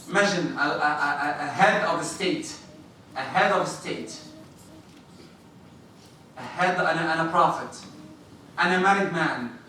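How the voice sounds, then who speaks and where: Preacher, male, lively sermon delivery, high ringing voice, heard from a distance in a reverberant mosque hall. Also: slight background noise. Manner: animated, acts out little scenes, questions the listeners. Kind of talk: sermon to a congregation. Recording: echoey hall, distant mic.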